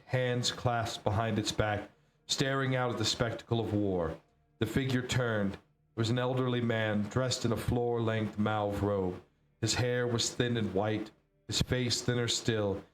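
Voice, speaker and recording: Brief: male reader narrating a novel aloud, steady, mid-pitched, roomy echo, faint background hiss. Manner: steady read-aloud with occasional slips. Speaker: book reader streamer.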